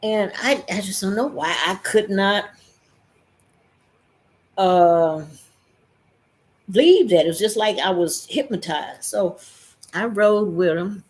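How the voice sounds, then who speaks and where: A middle-aged woman, telling a personal story in a lively way and acting out the voices of the people in it. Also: medium pitch, slow pace, pauses often. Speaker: vlogger.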